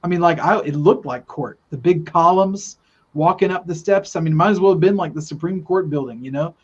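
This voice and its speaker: An earnest man tells a spiritual story in loose, rambling podcast talk, often restarting his sentences. His voice sits a bit high for a man. The recording is dull and lo-fi. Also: fairly quick, husky. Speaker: guest telling a spiritual vision. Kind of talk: casual storytelling in a podcast chat. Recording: dull lo-fi sound.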